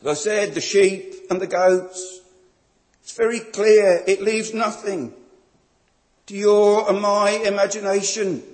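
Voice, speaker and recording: A man's voice: sits high, fairly even intonation, takes it slowly, darkish tone. A man preaching a sermon in a solemn, emphatic way, building each point through repeated phrases. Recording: long reverb of a large hall.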